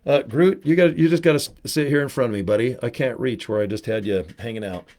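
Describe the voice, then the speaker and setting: A man with a mid-range, slightly mellow voice talks fast while hosting a casual livestream to promote products. He rambles, cracks jokes, pokes fun at himself, and calls out chat viewers by name.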